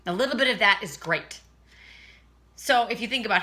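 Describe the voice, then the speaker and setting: A woman's voice: medium pitch, animated, moderate pace, sharp tone, faint music behind. A woman teaching a casual singing lesson, chatting and breaking off to demonstrate vocal sounds.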